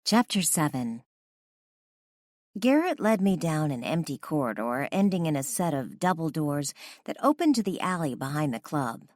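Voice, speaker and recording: A woman reads a first-person romance audiobook in a low voice that still moves a lot in pitch. Her delivery is conversational and expressive, and the recording is dry and close. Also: no room sound. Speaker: audiobook narrator.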